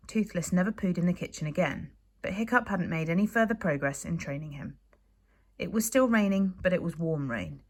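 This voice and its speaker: A woman teacher from the UK reads a chapter book aloud to young pupils, lively and expressive. Her voice sits a little low for a woman. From United Kingdom. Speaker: primary school teacher. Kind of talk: reading a children's book aloud to a class.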